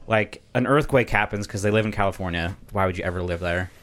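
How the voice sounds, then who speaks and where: A man with a fairly low voice. He chats in a laid-back way, swearing freely and filling his talk with "like". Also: quick pace, a bit bright. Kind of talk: casual chat.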